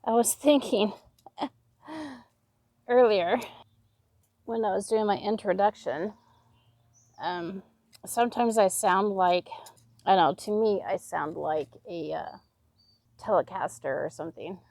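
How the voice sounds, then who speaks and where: This Oregon woman in her fifties, with a West Coast accent, films a relaxed gardening vlog while planting outdoors. Her mid-range, slightly mellow voice is unhurried with long pauses and no echo, and she talks to herself and her viewers, laughing a lot.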